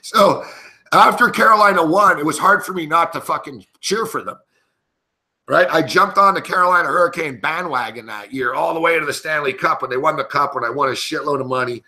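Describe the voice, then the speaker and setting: A man's voice: a little high, fairly quick, pushed and bright. A middle-aged man hosting a sports betting show, telling a story in casual, profane, brash chat and laughing between lines.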